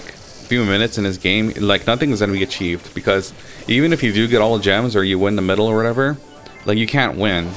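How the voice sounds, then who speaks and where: Young man swearing through gameplay. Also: on the low side. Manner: swears freely, gets loudly frustrated. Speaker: gaming channel host. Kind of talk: casual gameplay commentary.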